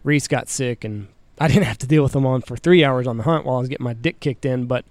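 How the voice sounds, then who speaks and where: A man's voice: medium pitch, quick pace, darkish tone, no echo. A man co-hosting a podcast, rambling through a casual, profane story with plenty of fillers. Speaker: co-host.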